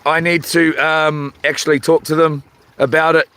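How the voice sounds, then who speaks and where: A New man streaming from a fishing rock, chatting in a halting, rambling way as he reads viewer comments, his voice a little rough and tired. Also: a little high, flat delivery, a bit bright. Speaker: livestream host. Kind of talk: casual livestream chat. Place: outdoors on a rock by the water at night. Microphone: phone.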